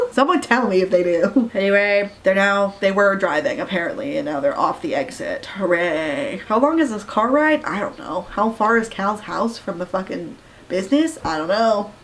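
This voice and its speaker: A woman tears into a book in an exasperated, sarcastic rant. She curses freely and reads passages aloud before picking them apart. Her voice sits at an ordinary middle pitch for a woman. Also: lively intonation, moderate pace, a bit bright. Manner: sarcastic, profane, exasperated commentary. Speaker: book reviewer. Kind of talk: ranting book review.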